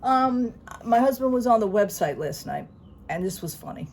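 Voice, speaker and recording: This woman's voice is on the high side, expressive and darkish, at normal speed, with a little hiss or hum on the recording. A chatty vlogger, she tells her channel a long story, playing both parts of a conversation and laughing often.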